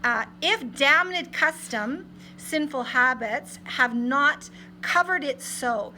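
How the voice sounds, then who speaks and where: A woman teaches a literature class, quoting lines from a play and explaining them in everyday words. Her voice is high and bright. A faint hum sits behind her. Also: lively intonation, slow, low-quality recording. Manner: explains lines in plain modern paraphrase, reads quotes aloud. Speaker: English teacher.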